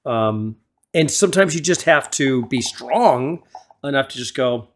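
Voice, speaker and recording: A man hosting a music reaction video, gently advising the viewer like a mentor into a desktop studio mic. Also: mid-range voice, expressive, measured pace. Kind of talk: casual reaction commentary. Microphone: desktop USB studio microphone.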